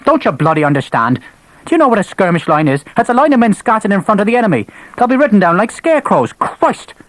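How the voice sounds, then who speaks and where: A man's voice: a little high, big pitch swings, fairly quick, no echo, low-quality recording. A man voicing a short-tempered male Irish engineer officer with an Irish accent, speaking bluntly. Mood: angry. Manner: blunt, exasperated.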